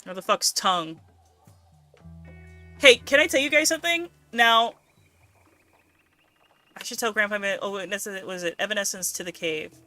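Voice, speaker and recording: A woman's voice: mid-range voice, normal speed, pauses often, pushed and bright, soft background music. A woman streaming a game, ranting casually and swearing a lot in exasperation. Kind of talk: casual let's-play commentary.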